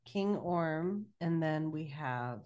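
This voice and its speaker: A woman with a lowish voice asks quizzical questions at a slow, drawn-out pace. She keeps pressing her co-hosts for plot details in a casual chat. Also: expressive, a little mellow, highs cut off. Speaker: podcast co-host. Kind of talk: casual movie review chat.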